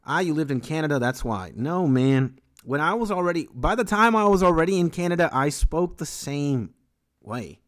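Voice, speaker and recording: A man's voice: fairly high pitch, expressive, moderate pace. A man from Venezuela whose first language is Spanish, chatting casually on a livestream, reading out chat and answering with boastful jokes and swearing. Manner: boastful, joking, swears freely. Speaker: streamer and beat maker.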